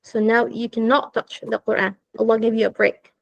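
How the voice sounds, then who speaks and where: A woman teaching an online class to girls, explaining simply, gently and patiently. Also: on the high side, flat delivery, normal speed, vocal fry, dry recording, highs cut off. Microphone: video call.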